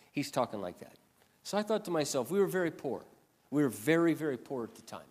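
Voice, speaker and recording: Preacher guy telling a story, gets loud then drops quiet, fairly high voice, big echo. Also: fast talker, slightly rough. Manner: animated, swings between loud and quiet. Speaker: pastor. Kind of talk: sermon storytelling.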